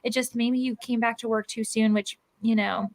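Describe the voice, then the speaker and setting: A woman's voice: fairly high pitch, steady tone, moderate pace, no echo. A woman hosting a casual livestream chat, reading out viewer comments in a chatty way. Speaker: livestream host.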